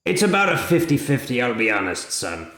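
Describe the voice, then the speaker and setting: A man speaks frankly and matter-of-factly during a tabletop game. His mid-pitched voice carries a roomy echo. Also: very animated, a little fast, a crowd in the background. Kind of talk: casual tabletop game chat.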